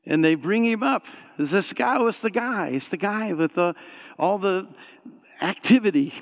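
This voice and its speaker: A man preaching a sermon, telling a story with animated swings and rising to shouted praise. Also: high voice, a little slow, big-room sound. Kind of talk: sermon testimony.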